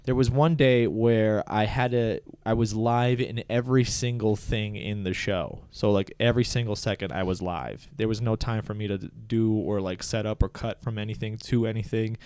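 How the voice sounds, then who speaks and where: A man on a casual comedy podcast, telling a long work story with lots of swearing and loud bursts of laughter. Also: fairly low pitch, normal speed, few pauses, clean tone, no echo. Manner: animated storyteller, swears freely, laughs loudly at his own story.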